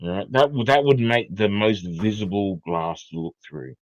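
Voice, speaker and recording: A man who has been drinking, arguing in an online debate, halting with fillers and swearing when flustered. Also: lowish voice, dry recording, lo-fi sound. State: tipsy from drinking.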